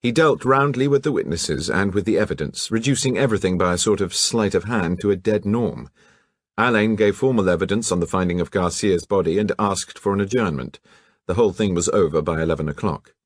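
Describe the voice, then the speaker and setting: A man reading a mystery novel aloud in a measured, expressive way. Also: low voice, no room sound, studio quality. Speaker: audiobook narrator. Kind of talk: scripted narration.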